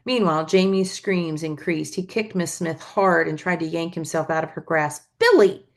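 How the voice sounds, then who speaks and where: A woman's voice: low voice, normal speed. Woman teacher reading a novel aloud. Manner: expressive storytelling, adds asides.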